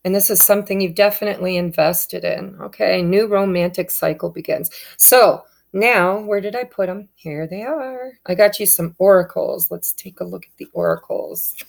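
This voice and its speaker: A woman's voice: medium pitch, moderate pace, vocal fry, hardly any pauses, a little mellow. A woman giving a casual tarot reading, speaking straight to her viewers in an upbeat, encouraging way. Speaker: tarot reader.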